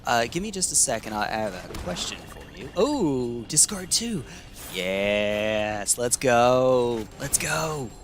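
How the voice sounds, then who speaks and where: A man's voice: medium pitch, big pitch swings, takes it slowly, slight background noise. A young man from the United States chatting casually with his stream chat while playing a card game, rambling and laughing often.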